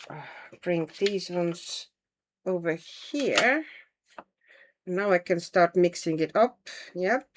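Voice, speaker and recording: A woman hosting a casual livestream, chatting and thinking aloud as she paints and answers viewer comments. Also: on the low side. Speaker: livestream host.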